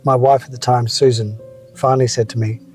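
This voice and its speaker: A man in his seventies gives a scripted motivational talk, sharing wry, reflective stories from his own life. His mid-range voice is darkish and fairly quick, with little pitch movement, and faint music plays behind him.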